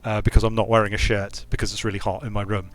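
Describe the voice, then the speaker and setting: A young man with a lowish, level voice talks quickly while streaming a strategy game from a hot room at home. He's a game designer, rambling casually and thinking aloud, often cutting himself off mid-sentence.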